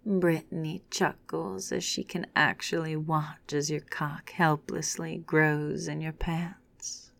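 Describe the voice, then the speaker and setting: A woman narrating a second-person story in a hushed, unhurried, often whispered reading. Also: sits low, level tone, gravelly, no room sound.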